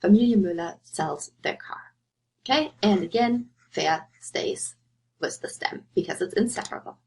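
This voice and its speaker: A woman teaching German in a recorded slide lesson, patient and clear, often checking with "okay" and slowing down for the example words. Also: fairly low pitch, a little mellow. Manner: slows down to pronounce German examples.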